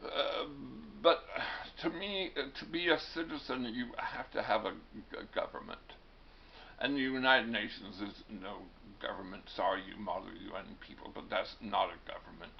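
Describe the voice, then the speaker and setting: A man's voice: fairly low pitch, moderate pace, vocal fry, muffled recording, a little hiss or hum. A male teacher giving a classroom lecture in a wry, digressive way, often stumbling and restarting words.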